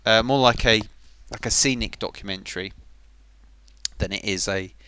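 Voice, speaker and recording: A man chats casually on his live stream, rambling from one thought to the next and poking fun at himself. His voice is bright and smooth, recorded close and dry. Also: lowish voice, normal speed, no echo. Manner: rambling, self-mocking.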